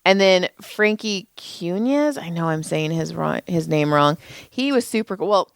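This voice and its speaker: A woman's voice: on the low side, animated, a little slow, creaky, dry recording. This woman tells stories with big swings in her voice, jumping from her own talk into everyone else's lines. She speaks casually, laughing and swearing as she goes, in a dry, close recording. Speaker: podcast co-host. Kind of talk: casual comedic storytelling.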